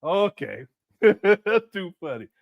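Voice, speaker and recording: Forties male host, high and lively voice, mocking reaction commentary. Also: slow pace, gravelly, muffled recording. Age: 40s. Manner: animated, laughing, mocking.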